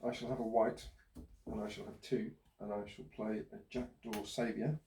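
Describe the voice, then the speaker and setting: A man's voice: fairly low pitch, level tone, normal speed, dark tone, slight background noise. A man playing a casual card game at a table, making matter-of-fact remarks. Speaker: player. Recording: echoey room.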